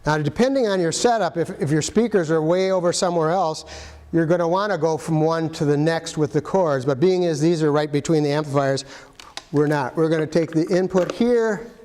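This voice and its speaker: A man's voice: a little high, a little fast, darkish tone, a little hiss or hum. A man giving a casual, practical how-to demonstration as an instructor, talking while he handles equipment. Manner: plain, practical, talks while handling gear. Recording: echoey hall sound.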